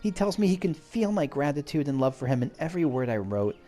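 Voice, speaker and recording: A man's voice: on the high side, big pitch swings, quick pace, warm tone, faint music behind, voice pushed up. A man voicing an earnest, grateful young woman trainee, reading game dialogue aloud.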